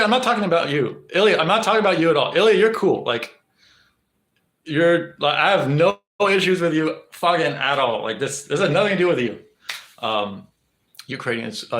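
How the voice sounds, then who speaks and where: A young man with a slightly high voice chats casually on a live stream, cursing freely and trailing into ums, likes and false starts. His voice rings around an echoey room. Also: animated, fairly quick, fairly bright tone. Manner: rambling, profane, full of fillers and restarts. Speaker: livestreamer.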